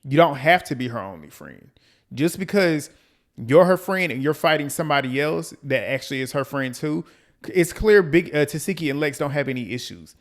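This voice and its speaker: A man hosting a reality TV recap, ranting in a blunt, profane, animated way and repeating lines for emphasis. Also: on the high side, moderate pace. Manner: quotes people in mimicking voices. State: out of breath. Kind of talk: casual commentary recap.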